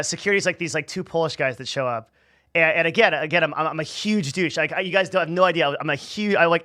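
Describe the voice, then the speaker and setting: A man's voice: on the high side, sharp tone, no echo, clean studio sound. A young man telling a personal story in a casual, rambling way, profane and full of restarts.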